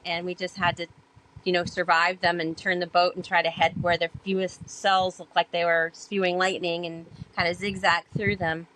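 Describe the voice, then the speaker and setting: A woman guest on a podcast telling her stories in a chatty way, with many fillers, and growing animated when she acts out past talk. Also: on the low side, moderate pace, a little hiss or hum, poor audio. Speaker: podcast guest, sailor and author. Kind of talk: casual storytelling interview.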